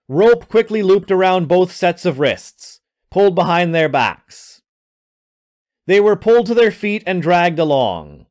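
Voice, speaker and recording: A man reading his own adventure story aloud, narrating in an expressive storytelling manner. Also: high voice.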